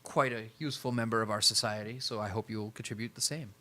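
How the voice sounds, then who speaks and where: A man voicing a cold, formal male vampire elder who speaks in a stiff, measured way, a little lower and quieter than his own voice. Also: steady tone.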